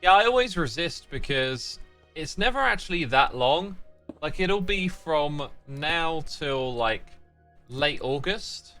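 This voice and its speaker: A man hosts a relaxed gaming livestream, chatting with viewers and reading their messages aloud. His voice is bright and sharp, and his pitch swings a lot, especially when he jokes. Faint music plays behind him. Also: takes it slowly. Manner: reads chat messages aloud and answers them while playing; playful, teasing fake sign-offs. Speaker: livestream host. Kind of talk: casual gaming livestream chat.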